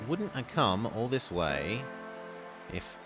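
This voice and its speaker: Lively low-voiced male game streamer. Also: slow pace. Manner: reads game text aloud and comments between lines. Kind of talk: casual game let's play with dialogue read aloud. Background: game music.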